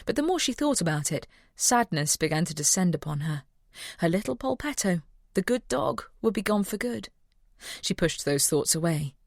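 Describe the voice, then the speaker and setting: A woman's voice: fairly low pitch, sing-song, moderate pace, no room sound, clean studio sound. A woman narrating a mystery audiobook and voicing a cheerful young vet. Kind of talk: scripted narration.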